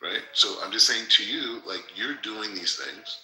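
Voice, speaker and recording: Man, heated chat-room argument, insistent and repetitive, low bright edge, echoey sound. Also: moderate pace. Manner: insistent, repeats himself and stumbles on restarts. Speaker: participant in an audio chat room. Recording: roomy echo.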